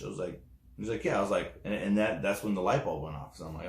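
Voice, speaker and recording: A man's voice: lowish voice, fast, roomy sound. A man telling his testimonial story casually, rambling with many fillers and acting out the dialogue he quotes. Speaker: network marketing distributor.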